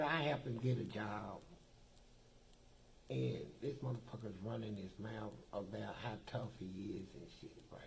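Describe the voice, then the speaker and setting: Gravelly man telling rough stories. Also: medium pitch, dark tone, slight background noise, low-quality recording. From Kentucky. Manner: profane, streetwise storytelling, acts out dialogue. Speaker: interview guest. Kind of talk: casual storytelling.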